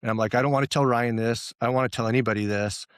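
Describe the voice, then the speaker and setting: A man's voice: medium pitch, steady tone, very fast, clean tone, dry recording, studio quality. A man talking as a podcast guest, telling stories and quoting his own thoughts, laughing often. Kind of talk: casual interview chat.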